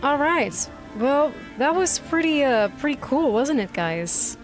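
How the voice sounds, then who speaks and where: Excitable woman streaming a game. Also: high voice, measured pace, over music. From Netherlands. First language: Dutch. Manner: excitable, chatty, thinks aloud. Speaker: gaming streamer. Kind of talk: gameplay commentary.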